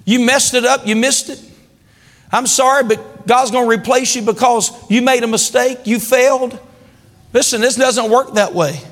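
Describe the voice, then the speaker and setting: A pastor with a very high voice preaches to his congregation, drawing call-and-response amens and swelling into shouts. His words ring out with a long reverb through a large church hall. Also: fairly even intonation, moderate pace. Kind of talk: sermon.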